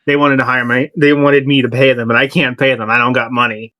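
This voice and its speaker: A man's voice: mid-range voice, flat delivery, brisk, sharp tone. Rambling, giggly male player. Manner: rambling, laughs through lines. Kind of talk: casual tabletop play.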